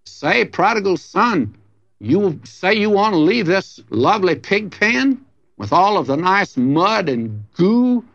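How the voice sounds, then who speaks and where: A preacher putting on a coaxing little pig. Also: male voice, high-pitched, sing-song, takes it slowly, fairly bright tone, dull audio, pitched above the performer's own voice, full character voice. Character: greedy muddy little male pig.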